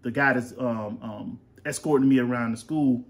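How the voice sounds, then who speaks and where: A man's voice: medium pitch, steady tone, moderate pace. Dad in his 30s, rambly podcast chat, tons of ums. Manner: rambling storyteller, lots of fillers. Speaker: podcast host and father. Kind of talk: casual chat. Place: home.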